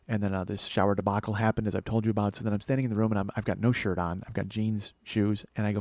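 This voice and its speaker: A man in his forties hosting his own show, telling a profane, animated story that swings from low mutters to loud mock pride. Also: racing, few pauses, no echo. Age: 40s. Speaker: comedian podcast host. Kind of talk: storytelling monologue.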